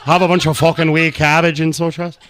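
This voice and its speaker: A man's voice: a little high, level tone, a little fast, slight background noise, close to an everyday voice. A man putting on a rowdy drunk Irishman. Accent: put-on Irish. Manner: loud, coarse, laughing through it. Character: rowdy drunk Irishman in a bar, crude and boastful.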